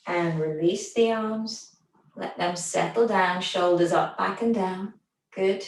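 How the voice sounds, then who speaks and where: A woman instructor calmly guiding a gentle recovery exercise class with step-by-step stretches and breathing. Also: fairly low pitch, slow. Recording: echoey room, voice from far off.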